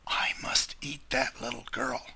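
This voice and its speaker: A man's voice: medium pitch, lively intonation, slow pace, sharp tone, breathy edge, dry recording, heavily acted. A man voicing a sly male wolf from a storybook, often whispering as he plots. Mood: scheming whisper. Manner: sneaky, gleeful, with whispered scheming.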